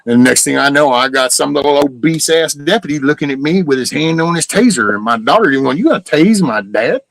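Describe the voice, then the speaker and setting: A man's voice: a little high, quick pace, gravelly, fairly bright tone, no echo, poor audio. A middle-aged man, ranting casually and profanely as host of a live stream. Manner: profane, heated storytelling.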